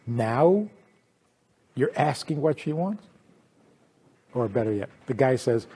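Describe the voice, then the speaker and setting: Man, rabbi lecturing; husky voice, very lively pitch, needles the audience with rhetorical questions. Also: takes it slowly, long pauses. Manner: teasing, full of rhetorical questions. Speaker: rabbi teaching.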